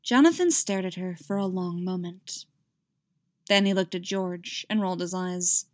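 A woman's voice: lowish voice, a little slow, dry recording, clean studio sound. A woman reading a story aloud, then chatting with many fillers about it. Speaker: story reader.

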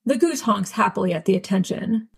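Gravelly, husky woman narrating a story. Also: mid-range voice, animated, brisk. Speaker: audiobook reader. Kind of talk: fan audiobook narration.

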